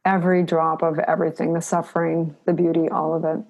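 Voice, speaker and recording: Gravelly, earnest middle-aged woman. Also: low voice, level tone, brisk, darkish tone. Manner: earnest, encouraging, repeats phrases for emphasis. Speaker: podcast guest. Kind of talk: reflective interview answers.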